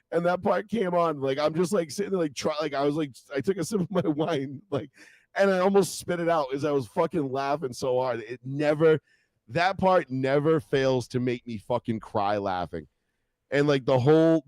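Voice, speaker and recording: A man's voice: fairly high pitch, no echo. A man co-hosting a podcast, chatting casually with lots of fillers and swearing. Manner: animated, swears a lot, many fillers. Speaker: podcast co-host. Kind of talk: casual banter.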